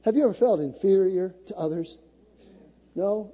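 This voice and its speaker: A man's voice: sits high, normal speed, dark tone, husky, big-room sound. A male pastor preaching a sermon to a congregation, with dramatic build-ups, acting out the scripture stories he tells.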